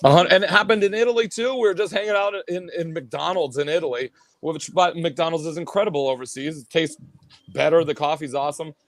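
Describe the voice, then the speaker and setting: A male musician guest telling road stories in a casual interview, animated and acting out what others said. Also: a little high, a little fast, dry recording. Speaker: guest musician, band vocalist and bassist.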